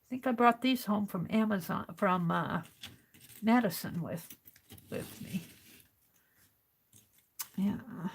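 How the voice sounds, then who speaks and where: Slow, gravelly woman murmuring over crafts. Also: mid-range voice, animated, a little hiss or hum. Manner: murmuring, often half-whispered to herself. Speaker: mixed-media art streamer. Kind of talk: casual crafting demonstration.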